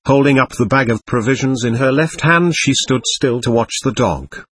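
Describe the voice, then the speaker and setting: A male audiobook narrator reads in a measured, expressive way, his pitch moving widely across each sentence. His voice is husky, and the recording is dry and close to the mic. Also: dry recording. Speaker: audiobook reader.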